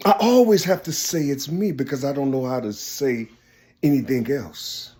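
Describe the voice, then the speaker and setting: A man in a rambling personal monologue, halting and repetitive, often asking "you see?" and trailing off softly. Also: medium pitch. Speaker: speaker sharing personal visions.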